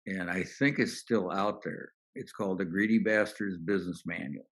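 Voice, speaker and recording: Older man, very deep voice, podcast guest, anecdotal storytelling, relaxed, acts out quotes. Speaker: podcast guest, business author. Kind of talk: storytelling interview answers.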